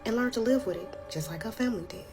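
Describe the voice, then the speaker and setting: A woman telling a scary story in a casual, colloquial way, slipping into hushed whispers at the tense parts. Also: on the high side, fast. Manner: colloquial, chatty. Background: background music.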